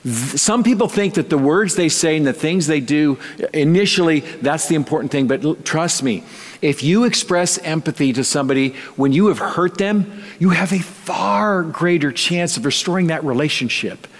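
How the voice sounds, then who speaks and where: A male pastor preaching a sermon in a conversational, storytelling way with light touches of humor. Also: on the high side. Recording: long reverb.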